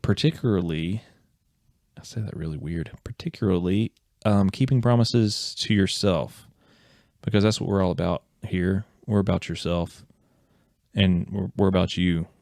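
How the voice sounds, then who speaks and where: A man's voice: low voice, steady tone, moderate pace, creaky, darkish tone, no echo, clean studio sound. A man co-hosting a casual podcast, talking in a rambling, encouraging way and often correcting himself. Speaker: podcast co-host.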